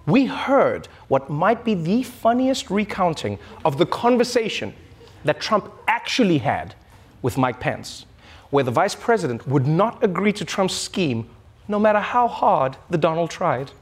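A man's voice: sits high, slightly rough. Man hosting a comedy monologue. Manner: playful, laughing through jokes. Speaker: late-night comedy host. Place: TV studio with audience. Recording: studio audience noise.

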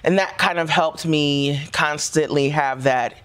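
Relaxed, chatty woman guest on a talk show; an actor from central Pennsylvania. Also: deep voice, unhurried, clean tone. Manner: relaxed, chatty, many fillers. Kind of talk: casual talk-show interview.

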